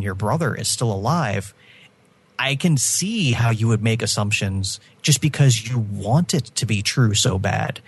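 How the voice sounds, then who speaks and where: A man's voice: medium pitch, slightly rough. A man co-hosting a podcast, talking casually in a reflective way with some dry teasing. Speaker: podcast co-host.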